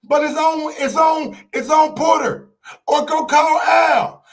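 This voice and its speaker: A man's voice: very high voice, steady tone, takes it slowly, gravelly. A man hosting a sports show, ranting in a heated, profane live-stream style, repeating his points for emphasis.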